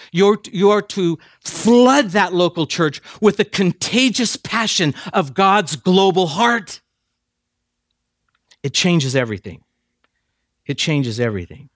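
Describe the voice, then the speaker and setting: Man, sermon, emphatic, climbs to near shouts, somewhat high pitch, dry sound. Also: no room sound. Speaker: preacher. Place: chapel addressing seminary students.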